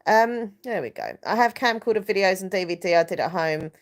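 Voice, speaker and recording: A woman's voice: mid-range voice, expressive, brisk. A woman in her thirties, hosting a casual live stream, chatting in a rambling way with many fillers and restarts while reading out viewer comments.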